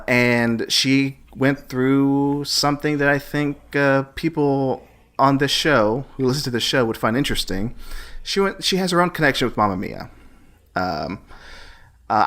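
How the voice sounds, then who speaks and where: A man co-hosts a casual podcast at a mid-range pitch. He talks haltingly, stumbling through restarts and fillers as he sets things up. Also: fairly bright tone. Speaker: podcast co-host.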